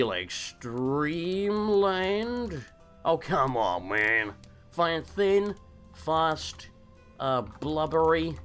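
A man narrating his gameplay in a loose, sarcastic way, swearing and arguing with the characters on screen. He is getting over a cold, and his pitch swings widely and animatedly. Faint game music runs underneath. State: recovering from a cold. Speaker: gaming channel host. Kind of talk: casual let's play commentary.

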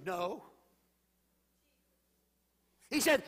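A man preaching a Pentecostal sermon as a guest speaker, swinging between shouted declarations and quiet storytelling. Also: very high voice, normal speed, gravelly. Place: large church sanctuary. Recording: church hall with long reverb.

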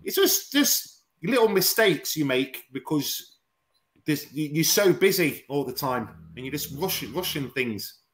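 A man's voice: fairly high pitch, expressive, measured pace, a bit bright. A man, a martial arts guest on a talk show, telling stories in casual banter, swearing, mimicking people and laughing often.

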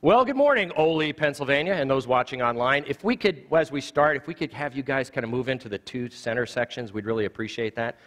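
A man in his forties teaching an evangelism class in a church, a quick, jokey storyteller who acts out the dialogue in his stories. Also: medium pitch, animated, fairly bright tone. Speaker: lay evangelism trainer. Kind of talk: live teaching talk with humorous stories. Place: church sanctuary. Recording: long church reverb.

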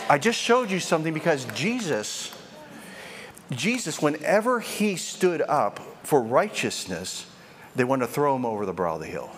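Male preacher, animated and joking, pitch jumping all over, faint room noise behind. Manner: animated, joking, acts out quoted voices. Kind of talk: sermon.

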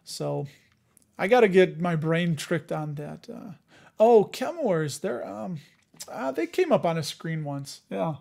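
A very animated man with a high-sitting, gravelly voice and a darkish tone speaks slowly. He hosts a casual live show on dividend investing, talking with viewers, teasing himself and thinking aloud with lots of fillers.

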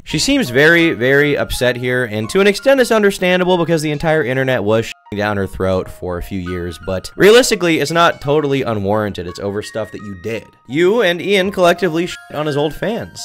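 A man giving sarcastic commentary with mocking, deadpan jokes and sudden shouts. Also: mid-range voice, a little fast, few pauses, soft background music. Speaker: commentary YouTuber.

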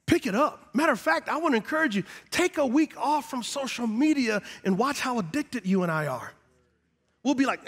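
A high-pitched middle-aged man delivers a sermon in a large church sanctuary. He talks right to the people in front of him and swells to loud, shouted emphasis. His voice carries a long reverb from the hall. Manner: preachy, builds to shouting, call-and-response asides. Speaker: pastor.

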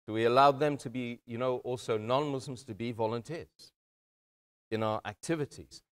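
Male speaker, mid pitch, earnest community talk, addresses the crowd directly. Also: moderate pace, clean tone. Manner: earnest, addresses audience as brothers and sisters. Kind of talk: motivational talk.

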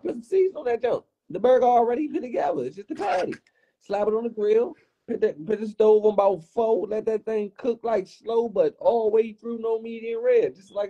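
Animated high-pitched man telling a story. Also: lo-fi sound. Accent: Washington DC area. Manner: animated, swearing, acts out quotes in high voices. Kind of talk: casual storytelling on a livestream.

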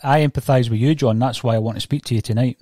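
Male podcast host, earnest and halting, recorded dry. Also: medium pitch, fairly even intonation, warm tone, dry recording. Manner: earnest, hesitant, many fillers. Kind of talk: interview questions.

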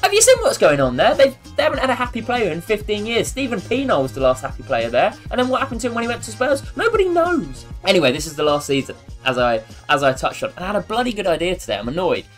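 A man giving casual, joking commentary over a football video game, rambling and poking fun at himself. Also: on the high side. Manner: animated, jokey, rambling and self-mocking. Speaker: gaming YouTuber.

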